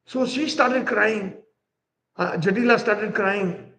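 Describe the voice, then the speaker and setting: A man's voice: sits high, slow pace, pushed and bright, rough recording. A man giving a devotional lecture, animatedly telling a story and acting out its characters. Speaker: spiritual teacher.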